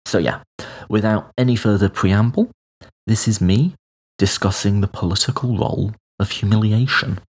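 A man's voice: on the low side, normal speed, darkish tone. A man in his thirties, hosting a solo podcast and telling a personal story in a reflective way, with hesitations. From United Kingdom. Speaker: podcast host.

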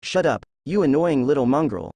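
A man's voice: mid-range voice, lively intonation, normal speed, dark tone, no echo. A man voicing a curt, scornful old fox spirit. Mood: snappish. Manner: curt and snappish. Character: gruff ancient male fox spirit, scornful.

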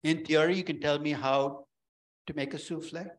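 Lively joking male professor, slightly high. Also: moderate pace, low-quality recording. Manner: lively, joking, conversational teaching. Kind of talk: university lecture.

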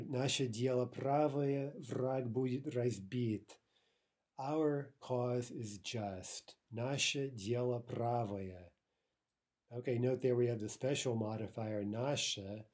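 A man with a mellow, dark voice gives an easygoing lesson. He talks in a loose, unscripted way and keeps checking in with his listener. He slows down to say each example carefully. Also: medium pitch. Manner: relaxed, explains slowly, often checks with "right?"; slows down to pronounce Russian examples. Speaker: language teacher. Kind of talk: casual spoken lesson.

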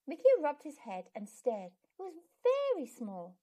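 A woman hosting a storytime channel, reading a children's book aloud with expressive storytelling narration. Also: high voice, unhurried.

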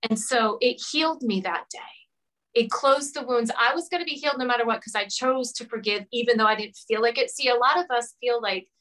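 A woman's voice: on the high side, pushed and bright, poor audio. A woman from Rhode Island, a podcast guest, earnestly telling a personal story of forgiveness. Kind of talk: emotional personal story in interview.

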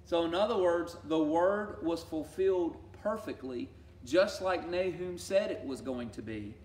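Emphatic preacher in an echoey church. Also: male voice, a little high, a little slow, a little hiss or hum. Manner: emphatic, swings from loud declarations to hushed asides. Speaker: Bible study teacher. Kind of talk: sermon-style Bible study. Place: church sanctuary. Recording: echoey church room from far off.

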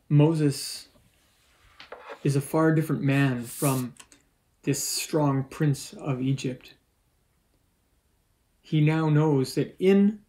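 A man preaching a sermon as lead pastor and reading scripture aloud in a measured, earnest way. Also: on the high side, mellow, poor audio. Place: church.

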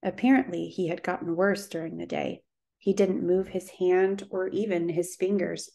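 A woman narrating a children's novel aloud in a steady, even storytelling manner. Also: lowish voice, moderate pace, creaky. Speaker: audiobook narrator.

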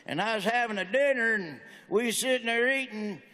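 Speaking fairly quickly in an extremely high, bright, forceful voice, a man in his forties performs a stand-up routine in a large auditorium. His jokes come across folksy and punchy, and the hall sounds echoey with faint noise underneath.

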